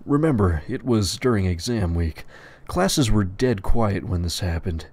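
A man with a lowish voice reading crude, profane stories aloud in a deadpan way. His pitch still moves around a good deal as he tells them. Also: unhurried. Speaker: storyteller.

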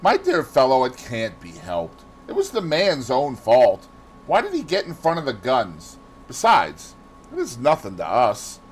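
A man voicing a worldly older gentleman who speaks in a dry, dismissive way, in an audiobook reading. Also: mid-range voice, huge pitch swings, measured pace, a little hiss or hum. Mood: cool.

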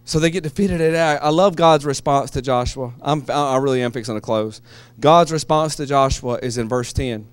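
A man preaching a sermon, moving between quiet, low asides and loud, shouted passages. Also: moderate pace, clear, resonant tone, no echo. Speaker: pastor.

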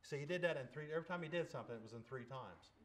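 A man telling his conversion story in church as a lay preacher, folksy and plain, dropping to a hush and then bursting out loud. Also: on the high side, lively intonation, very fast. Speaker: lay preacher giving testimony. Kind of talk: testimony sermon. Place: church service.

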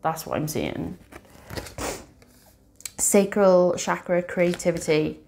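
Emotional woman reading affirmations, low voice. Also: slow pace, creaky, darkish tone, a little hiss or hum. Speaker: tarot reader. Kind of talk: tarot reading monologue.

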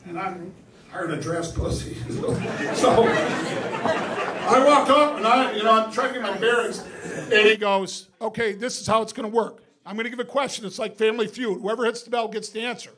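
A man's voice: high voice, fairly bright tone. A male stand-up comedian telling a profane story on stage in a comedy club, laughing through his punchlines. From Binghamton, New York.

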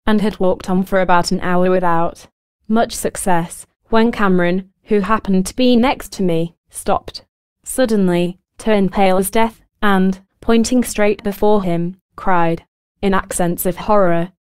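A woman narrating an occult book in an even, formal reading style. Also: medium pitch, smooth, dry recording. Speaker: audiobook narrator.

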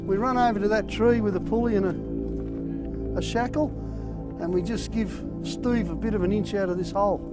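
A man's voice: high voice, fairly even intonation, normal speed, far from the mic, over loud music. A man hosting an off-road show, explaining a vehicle recovery out on a muddy mountain track in a practical, upbeat way. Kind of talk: on-location recovery commentary.

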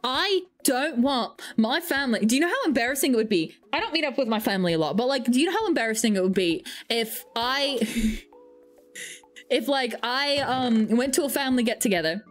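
A woman's voice: a little high, animated, a little fast, soft background music. A young woman streaming a game, chatting casually and rambling through stories with lots of fillers. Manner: rambling, self-deprecating storytelling with frequent fillers. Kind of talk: casual gaming stream chat.

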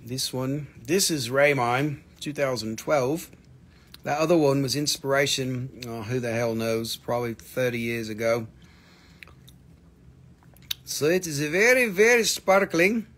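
A man's voice: mid-range voice, unhurried, a bit bright. A man hosting a live stream crystal sale, with playful salesman patter in a put-on joke voice and some cursing. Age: adult with a daughter.

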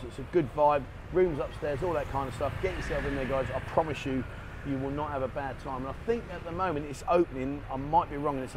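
An enthusiastic man rambles cheerfully to his camera while walking outdoors. His voice sits a little high. Traffic and street noise carry clearly behind him. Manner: chatty, enthusiastic, rambling with fillers. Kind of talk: casual walking vlog.

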